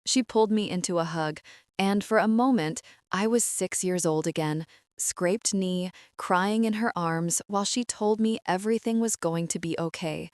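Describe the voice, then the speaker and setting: Low, dry-voiced woman narrating a story. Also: moderate pace, darkish tone, no room sound. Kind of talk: scripted first-person story narration.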